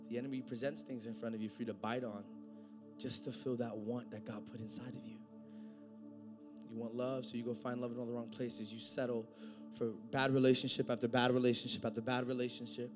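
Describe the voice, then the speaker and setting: A man preaching a sermon, swinging from loud, excited preaching to quiet, intense talk. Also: medium pitch, a little fast, loud music behind the voice.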